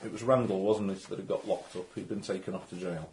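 A man's voice: deep voice, steady tone, fast, darkish tone, rough recording. A man running a tabletop game, explaining rules and recapping the story in a rambling, chatty way. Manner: rambling, chatty, frequent restarts. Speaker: game master.

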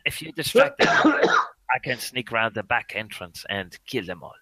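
A man's voice: fairly low pitch, animated, normal speed, gravelly, sharp tone, no room sound. A man joking and rambling through an anecdote while playing a tabletop game with friends. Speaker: player.

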